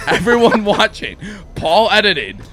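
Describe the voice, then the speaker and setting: A young man hosting a let's play, telling a rambling, giggly story in a playful, animated way. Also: sits high, slow, slight background noise.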